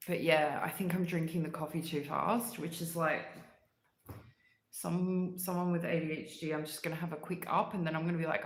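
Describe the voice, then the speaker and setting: A woman's voice: low voice, steady tone, moderate pace, roomy sound. A congested woman hosting a casual livestream, chatting with viewers and gushing about sweets with lots of "like" fillers. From Australia. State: congested, clearing throat often. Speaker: livestream host. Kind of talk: casual chat with live chat viewers.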